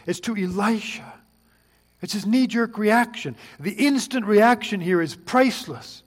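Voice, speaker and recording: A man's voice: sits high, animated, slow. Earnest preacher man in a reverberant hall. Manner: earnest, pleading, rising to fervent questions. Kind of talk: sermon.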